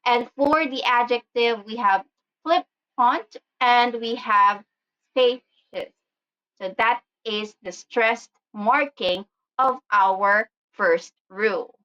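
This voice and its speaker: A woman teaching an English lesson, explaining each rule slowly and deliberately with a few fillers. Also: fairly high pitch, clear, resonant tone. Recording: slightly dull lo-fi audio.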